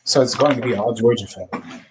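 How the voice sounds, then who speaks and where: A man's voice: medium pitch, normal speed, noisy background. Rambling, profane man on a sports podcast. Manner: chatty and profane, rambling with fillers. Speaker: podcast panelist. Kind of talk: casual sports podcast chat.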